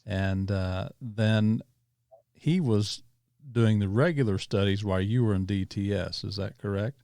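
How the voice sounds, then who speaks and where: Gravelly low-voiced male podcast host. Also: a little slow, mellow, dry recording, studio quality. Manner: rambling questions, checks the timeline. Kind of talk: casual interview.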